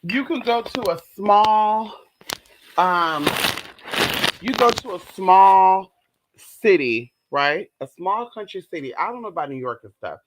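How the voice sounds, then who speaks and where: Talking from home in a casual haul vlog, a woman is chatty and profane, calling her viewers girl and y'all and squealing high as she shows off her purchases. She's animated and takes it slowly. The audio is poor, with a little hiss or hum.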